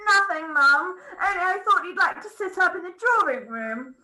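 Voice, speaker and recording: A woman's voice: extremely high pitch, expressive, moderate pace, sharp tone, full character voice, rough recording. A woman playing a fussing young housemaid. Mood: flustered. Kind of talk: script read-through.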